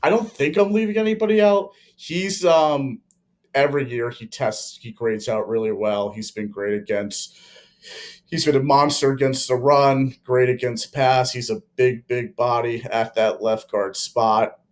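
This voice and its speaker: A young man co-hosting a casual sports chat, measured and opinionated with many fillers. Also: medium pitch. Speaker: podcast co-host.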